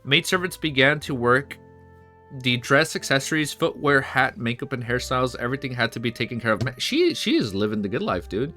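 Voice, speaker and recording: A man streaming a read-along of a web novel, reading haltingly with restarts and breaking into excited casual asides. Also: medium pitch. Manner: reads aloud haltingly, stumbling and restarting. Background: faint background music.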